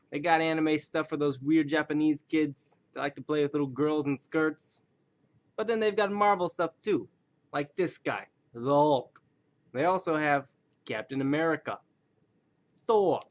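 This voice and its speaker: A man rambling casually through a webcam video reviewing toys, self-deprecating and slipping into joke voices. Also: a little high. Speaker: action figure collector reviewing toys. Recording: dull lo-fi recording.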